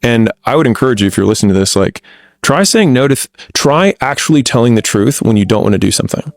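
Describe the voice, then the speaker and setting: A man speaking frankly in relaxed podcast conversation, telling stories bluntly with frequent restarts. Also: medium pitch, quick pace, no echo. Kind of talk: candid conversational storytelling.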